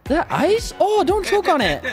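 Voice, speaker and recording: Chatty guy reacting with lively voice. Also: very high-pitched, a little slow, over music. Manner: chatty, exclaims often, stifles laughter. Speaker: reaction video host. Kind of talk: casual reaction commentary.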